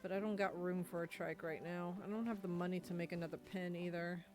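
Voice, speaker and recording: A woman's voice: on the low side, steady tone, a little fast, music in the background. A woman live-streaming a game, chatting casually and answering her chat. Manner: chatty, reads and answers chat messages aloud.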